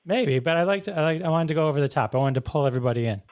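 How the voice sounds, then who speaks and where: A man's voice: on the high side, lively intonation, rapid-fire, darkish tone, no echo, studio quality. A man hosting a podcast, introducing his guest with upbeat enthusiasm and chatting with him. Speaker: podcast host.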